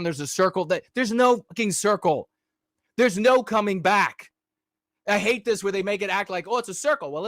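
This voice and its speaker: A male livestream host ranting at his audience, combative and profane, sometimes rising to shouts. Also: high-pitched, no echo, clean studio sound. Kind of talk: livestream rant.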